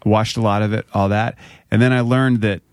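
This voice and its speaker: A man with a fairly low voice hosts a podcast, chatting easily and laughing along with his guest. He speaks into a studio mic. The sound is dry and up close. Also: steady tone, normal speed, clean tone, no room sound. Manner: warm, laughing interviewer. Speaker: podcast host. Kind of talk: casual chat. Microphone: studio microphone.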